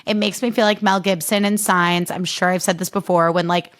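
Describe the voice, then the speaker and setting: A young woman hosting a casual solo podcast, chatty and animated, poking fun at herself. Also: lowish voice, brisk. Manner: chatty, animated, self-deprecating, jumps into funny voices. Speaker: podcast host.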